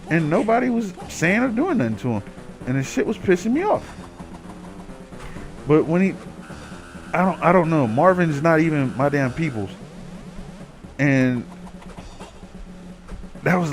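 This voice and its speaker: Profane man ranting over gameplay. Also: medium pitch. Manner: profane, rambling, gets heated while ranting. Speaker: gaming commentator. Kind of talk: casual storytelling over gameplay.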